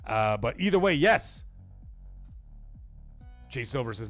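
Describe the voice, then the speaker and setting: A man from Canada hosting a casual livestream podcast, reading viewer messages aloud. He rambles, swears freely, and his energy swings between high and low. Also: big pitch swings, normal speed, faint music behind.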